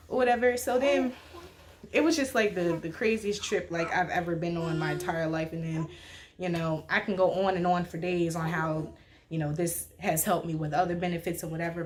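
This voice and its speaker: A young woman telling a casual, animated story with lots of slang and filler "like"s. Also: on the low side. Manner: slangy, animated, heavy use of "like". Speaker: storytime vlogger.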